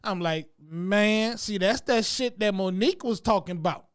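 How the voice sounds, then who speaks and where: A man, a comedy show host, delivering a profane, animated comic rant about what he has seen around town. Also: sits high, fairly quick.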